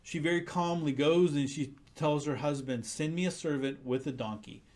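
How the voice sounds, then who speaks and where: Male pastor, slightly higher voice, earnest conversational sermon delivery. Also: normal speed, darkish tone. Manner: earnest, conversational preaching with frequent restarts.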